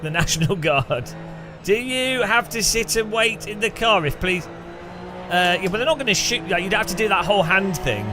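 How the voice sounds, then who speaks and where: An Englishman streams a racing game, his high-pitched voice animated as he talks at a normal speed. He's chatty and sarcastic, laughing often through the casual gaming commentary while music plays in the background.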